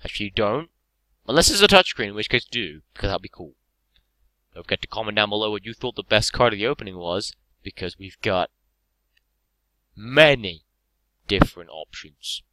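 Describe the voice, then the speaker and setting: A man's voice: lowish voice, moderate pace, pauses often, sharp tone, no room sound. A young man with an English accent, opening card packs on camera in hyperactive, sweary casual commentary. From England. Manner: hyperactive, swearing, laughing often.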